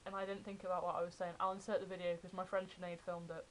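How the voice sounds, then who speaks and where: A woman's voice: lowish voice, fast talker, a little hiss or hum, low-quality recording. Chatty young woman vlogger. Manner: chatty, excited retelling of fan anecdotes. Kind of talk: casual storytelling vlog.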